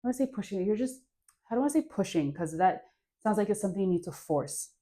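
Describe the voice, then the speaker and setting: A woman's voice: mid-range voice, expressive, fast, warm tone. A young woman leading a home dance workout, talking the viewer through moves in a chatty, encouraging way, with sighs of effort between cues. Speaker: dance instructor. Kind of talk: guided dance class.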